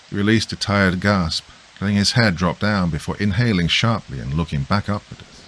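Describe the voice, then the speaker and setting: A man reading a horror story in first person with a low, hushed, measured delivery. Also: expressive, rough recording. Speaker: narrator. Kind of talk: scripted horror narration. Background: soft rain.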